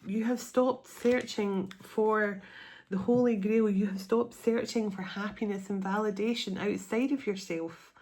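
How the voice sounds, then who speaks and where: A woman gives a heartfelt tarot reading, speaking earnestly and sounding close to tears. She lingers on key words and lets them stretch out. Her voice sits at an ordinary middle pitch. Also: steady tone, a little slow, darkish tone. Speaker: tarot reader. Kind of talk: spiritual tarot reading to camera.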